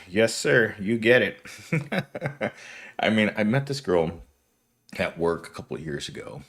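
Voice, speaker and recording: A man's voice: sits low, a bit bright. A tired man hosting a casual livestream, rambling from story to story and chuckling often. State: tired, just woke up. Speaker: livestream host.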